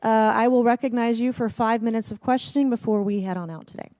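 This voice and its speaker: A woman, the committee chairwoman, running a formal hearing in a brisk, procedural way. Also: a little high, fairly even intonation, mellow.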